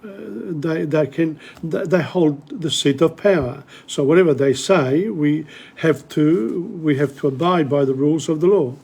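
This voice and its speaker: A man hosting a live-streamed literature lesson, speaking casually, often pausing mid-sentence to search for words. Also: a little high, gravelly, a little mellow, breathy edge. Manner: switches between English and Italian.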